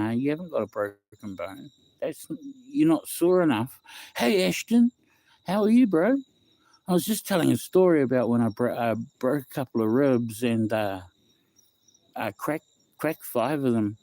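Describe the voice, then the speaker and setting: Young kiwi bloke rambling on his livestream, warm mellow voice, dry close sound. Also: medium pitch, no echo. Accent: New Zealand. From West Auckland, New Zealand. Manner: rambling, chatty, greets viewers by name. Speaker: livestream host. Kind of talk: casual livestream chat.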